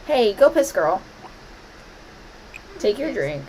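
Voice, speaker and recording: A woman with a fairly high, fairly bright voice and lively intonation talks at normal speed. She's streaming a life-sim game, commenting playfully and bossing her characters around. The low-quality recording carries a little hiss or hum.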